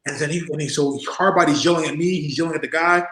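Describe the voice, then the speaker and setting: A man in his forties who once wrestled tells stories fast, his voice slightly high, in a casual interview. He laughs often and performs other people's voices with gusto. The low-quality recording has a roomy sound and a little hiss or hum.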